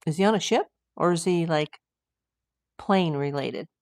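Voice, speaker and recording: Older American woman host, low-voiced, rambling, chatty livestream reads, close and dry. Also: unhurried, dry recording. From United States. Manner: chatty, rambling with asides and fillers. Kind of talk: casual livestream chat reading viewer comments.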